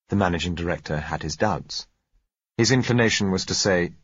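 A man narrating a novel in a measured, even storytelling manner, in a dull lo-fi recording. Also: sits low, slightly rough, no echo. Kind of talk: audiobook narration.

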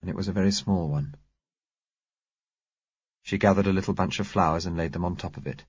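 A man reading a novel aloud in measured, grave first-person narration. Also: sits low, fairly even intonation, breathy edge, dry recording, dull audio. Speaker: audiobook narrator.

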